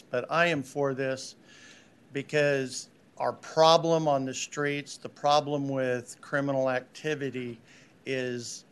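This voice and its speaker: A man testifying at a legislative hearing, stating his opinions emphatically and repeating his key points. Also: medium pitch. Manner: emphatic, repetitive, forceful opinions. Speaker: public witness testifying. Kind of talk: formal public testimony.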